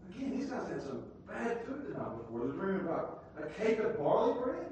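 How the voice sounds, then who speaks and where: A man preaching a sermon, reading scripture aloud and retelling it in everyday words, swinging between loud, lively bursts and hushed asides. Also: high voice, moderate pace. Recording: very echoey room, mic far off, faint noise.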